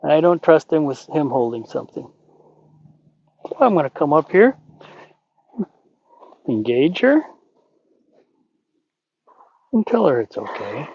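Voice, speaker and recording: A man working as a horse trainer, calmly explaining while talking gently and soothingly to a horse outdoors. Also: on the high side, a little slow, long pauses, breathy edge, highs cut off. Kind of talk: training commentary.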